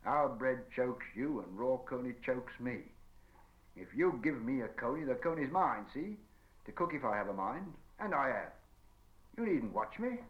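A man voicing a stubborn, practical hobbit who talks gruffly and bluntly, on a dull recording. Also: medium pitch, lightly acted. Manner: gruff, blunt, homely speech.

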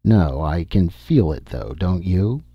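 A man voicing a blunt, impatient male explorer in a storybook reading, with a husky voice. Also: sits low, big pitch swings, takes it slowly, dry recording, lo-fi sound, exaggerated voice. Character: tall blond man, gruff and impatient.

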